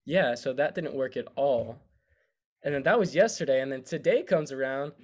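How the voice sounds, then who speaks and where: A young man, a student, co-hosting a podcast and telling a story in casual chat, lively and acting out what people said. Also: mid-range voice, moderate pace. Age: young adult. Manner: animated storyteller, acts out quotes. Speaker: podcast co-host.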